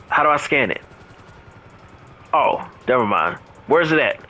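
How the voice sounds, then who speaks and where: A man's voice: medium pitch, a little slow, pauses often, poor audio. A young man chatting casually while playing a video game, telling a story and acting out both sides of an argument. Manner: storytelling, animated quoting of others. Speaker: gamer.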